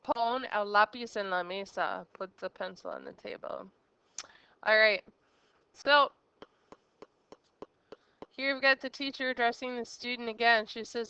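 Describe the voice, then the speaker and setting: A woman teacher walks through a grammar lesson step by step, her voice bright and crisp. She pauses to quiz her listeners as she goes. The recording is dry and a little dull, as if taken close on a modest mic. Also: a little high, steady tone, no echo. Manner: explains step by step, quizzes the listener with questions. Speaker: Spanish teacher.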